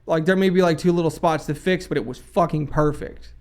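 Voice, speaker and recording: Brief: profane, blunt male recording engineer on a podcast, voice sits a bit high for a man. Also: steady tone, a little fast, few pauses. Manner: blunt, emphatic, heavy swearing. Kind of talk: casual podcast chat.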